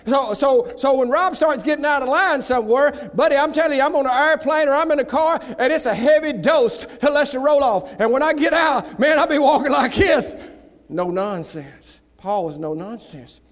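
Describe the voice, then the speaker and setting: A man from the American South preaching a fiery revival sermon in a folksy manner, swinging between shouts and hushed asides, in a church. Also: very high voice, brisk, few pauses. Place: church sanctuary. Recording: long reverb of a large hall.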